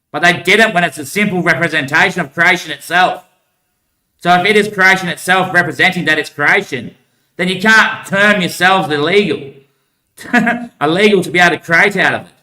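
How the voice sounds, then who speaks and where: A man's voice: on the high side, sharp tone. A man talking in a long rambling monologue, laughing between thoughts. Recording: echoey room.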